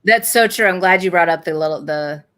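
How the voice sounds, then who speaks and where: A woman co-hosting a casual TV recap chat, answering with quick, agreeable affirmations. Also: fairly low pitch, fairly bright tone, no echo. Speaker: co-host.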